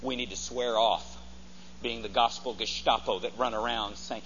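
A pastor preaching a sermon, theatrical and animated, leading the congregation to repeat lines, in a dull recording with long hall reverb. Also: male voice, mid-range voice, measured pace, a little hiss or hum.

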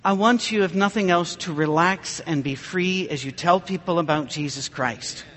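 Humorous preacher in a reverberant hall. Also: male voice, high-pitched, normal speed, a bit bright. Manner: dry self-mocking humor, anecdotal. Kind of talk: humorous sermon with storytelling.

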